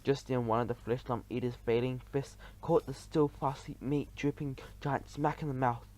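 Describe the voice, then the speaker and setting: A man narrating a children's story in an expressive, animated way, with small slips. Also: medium pitch, normal speed. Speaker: audiobook reader.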